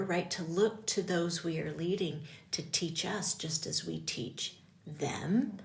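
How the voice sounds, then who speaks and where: A woman's voice: fairly low pitch, slow pace, vocal fry, roomy sound. An older woman, a priest and guest, talking in a reflective way about leadership and often checking in with "right?". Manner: reflective, often asks "right?" with many ums. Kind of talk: faith-based leadership conversation.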